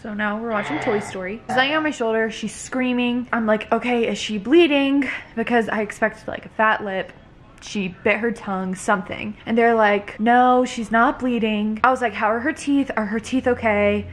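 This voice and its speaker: A woman's voice: a little high, normal speed. A young woman vlogging at home, casually telling a family story with lots of "like" and acted-out quotes. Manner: chatty, lots of "like", acts out quotes. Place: home, indoors with toddler.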